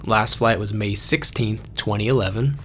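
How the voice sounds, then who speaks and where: A man's voice: fairly low pitch, normal speed, a bit bright, a little hiss or hum. A man hosting a casual podcast, reading facts from notes and joking with friends. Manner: joking, laughs often, reads facts from notes. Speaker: podcast host. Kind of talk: casual chat.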